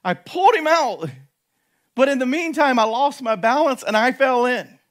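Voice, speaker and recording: A man's voice: very high-pitched, animated, normal speed, a bit bright, voice pushed up. A man acting out a frightened, soaked young wife as she urgently retells a near-drowning, from within a sermon. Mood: distressed, urgent.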